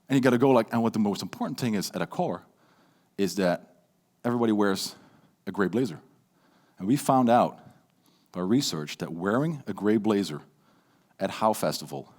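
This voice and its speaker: Energetic Dutch-accented male speaker. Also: on the low side, moderate pace, long pauses. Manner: energetic, playful, swings between loud and quiet delivery. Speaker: public speaking coach on stage. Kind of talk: live keynote talk with audience interaction.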